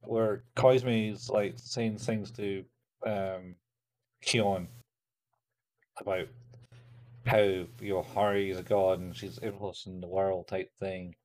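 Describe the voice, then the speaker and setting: A man co-hosting a podcast, haltingly retelling anime scenes with many fillers and quoted lines. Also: low-pitched, flat delivery, a little mellow. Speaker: podcast co-host. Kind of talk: casual chat recapping an anime.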